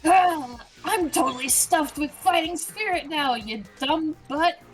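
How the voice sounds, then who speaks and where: A woman voicing an intense young male student in a video game, reading his lines with fiery, shouted declarations. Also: high voice, a little slow, soft background music. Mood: fired up. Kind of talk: reading game dialogue aloud.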